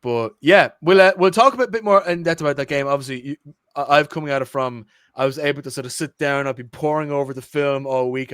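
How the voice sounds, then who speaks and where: A man with an Irish accent co-hosting a casual sports podcast, chatty and full of quick restarts. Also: medium pitch, fairly bright tone, clear, resonant tone, no echo, clean studio sound. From Ireland. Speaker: podcast co-host.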